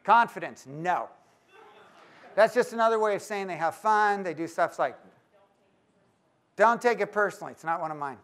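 A man speaking to church leaders at a conference, lively and joking as he teases the audience. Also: high voice, normal speed, long pauses. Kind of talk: live talk to an audience.

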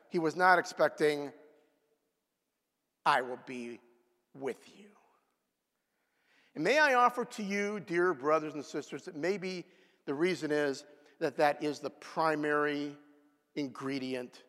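A man preaching a sermon with dramatic swings between loud exclamations and hushed whispers. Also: fairly high pitch. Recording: long reverb of a large hall.

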